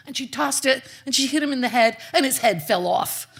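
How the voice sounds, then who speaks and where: A woman's voice: on the high side, expressive, a little fast, vocal fry, hardly any pauses, slightly rough. A woman storyteller telling a folk tale live, dramatic, with playful asides to the audience.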